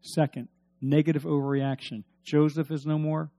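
A man's voice: a little high, flat delivery, normal speed, warm tone. A man preaching a sermon, reading scripture aloud and stressing points with questions to his listeners. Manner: emphatic, asks the congregation questions. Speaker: pastor.

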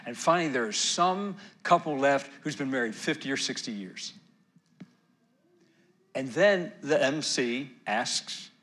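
Bright-voiced man preaching with swings. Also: medium pitch, measured pace. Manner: animated preaching, swings from loud emphasis to near-whisper. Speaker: pastor. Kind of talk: sermon.

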